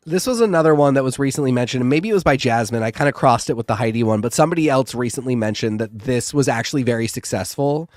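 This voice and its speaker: Quick, ranting male podcast co-host. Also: mid-range voice, no echo, studio quality. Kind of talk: casual chat.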